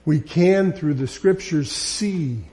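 A man's voice: on the high side, slow, warm tone. A man preaching a sermon, building emphatic, repetitive lines that grow more insistent.

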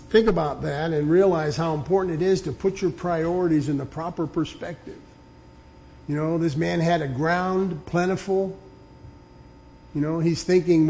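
A man preaching a sermon, earnestly explaining scripture and reading passages aloud with slow emphasis. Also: on the high side, mellow, slight background noise.

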